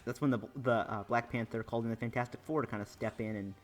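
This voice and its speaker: A man's voice: medium pitch, fairly even intonation, fast, soft background music. Rambling young man doing game commentary. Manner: rambling, filler-heavy storytelling. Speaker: gaming YouTuber. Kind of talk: casual let's play commentary.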